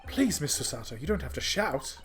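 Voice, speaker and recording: A man's voice: fairly high pitch, big pitch swings, a little fast, fairly bright tone, soft background music. A man reading game lines as an earnest, nervous young law student, close to his own voice. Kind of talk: reading game dialogue aloud.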